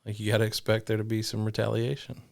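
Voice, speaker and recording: A man co-hosting a podcast in casual, laid-back chat, tossing in quick agreeing remarks. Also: lowish voice, completely flat delivery, gravelly. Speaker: podcast co-host.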